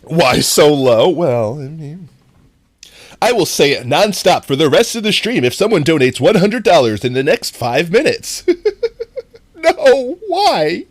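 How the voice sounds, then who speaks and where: A live streamer chatting casually to viewers while playing, goofy and rambling, often breaking into high laughter. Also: lively intonation, normal speed, no echo. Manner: talks directly to chat. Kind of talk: casual gameplay stream chat.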